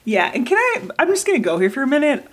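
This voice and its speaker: A woman's voice: high voice, fast. A woman in her thirties co-hosting a podcast, telling personal stories in a casual, emotional way. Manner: emotional, animated storytelling with acted quotes. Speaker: podcast co-host. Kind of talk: casual conversation.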